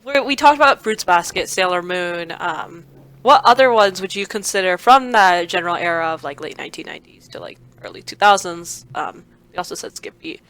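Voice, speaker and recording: A woman's voice: on the low side, animated, brisk, fairly bright tone. A woman co-hosting a podcast in casual chat, agreeable and steering the talk with questions. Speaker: podcast co-host.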